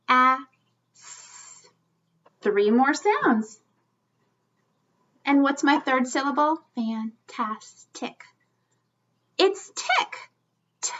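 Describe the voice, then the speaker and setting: A woman teaching young children a phonics lesson, sounding out words slowly and encouragingly. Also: high-pitched, animated, fairly bright tone, highs cut off.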